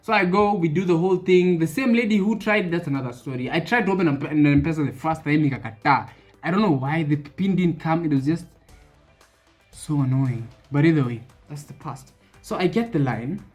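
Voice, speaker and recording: A young Kenyan man vlogging, telling a story in an animated way and acting out the people in it. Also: on the high side, brisk, faint music behind. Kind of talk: storytime vlog.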